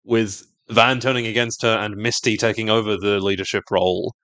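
A man's voice: fairly low pitch, little pitch movement, normal speed, fairly bright tone, no echo. A man co-hosting a podcast, recapping a TV episode in wry, sardonic, talkative chat. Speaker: podcast co-host.

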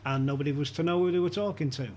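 A man's voice: fairly high pitch, fairly even intonation, racing, a little mellow. A man as a podcast guest, telling anecdotes in casual chat and chuckling often as he talks.

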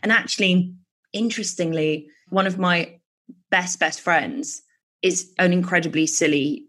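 Candid, chatty woman with a low voice. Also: unhurried, a bit bright. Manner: chatty, frank, self-deprecating, swears. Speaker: guest, writer and podcaster. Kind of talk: candid interview talk.

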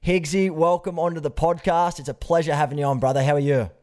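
A man's voice: a little high, steady tone, fast. A young Australian man hosting a podcast, earnest and chatty, calling his guest mate. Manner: warm, earnest, says mate often. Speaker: podcast host. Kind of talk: casual podcast interview.

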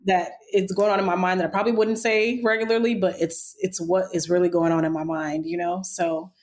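A woman raised in Texas, a travel vlogger chatting as an interview guest and telling lively stories with frequent laughter. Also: lowish voice, a little fast. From born in Nigeria, raised in Texas. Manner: animated storyteller, laughs often. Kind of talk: casual interview chat.

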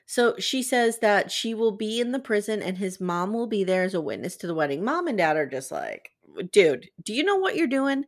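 A woman's voice: medium pitch, fairly quick, few pauses. A woman hosting a podcast, recapping a reality show in casual chat and acting out quotes in a jokey way. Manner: animated, jokey, acts out quotes in a bad British accent.

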